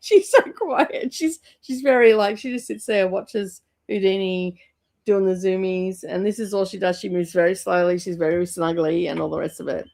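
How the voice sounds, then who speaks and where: Woman, creaky vocal fry, rambling livestream chat, frequent laughs. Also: lowish voice, steady tone, normal speed, darkish tone. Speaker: livestream host of a book club. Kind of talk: casual livestream chat reading out viewer comments.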